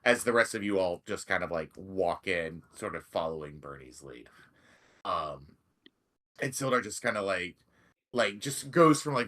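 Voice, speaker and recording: A man's voice: low voice, bright, forceful tone. A man narrating a tabletop game as game master, loose and rambling with many fillers.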